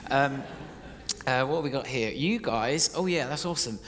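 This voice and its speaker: A man preaching live in a church hall, playful and energetic, directing his congregation as he tells a story. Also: mid-range voice, normal speed. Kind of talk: interactive sermon storytelling. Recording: reverberant hall, faint noise.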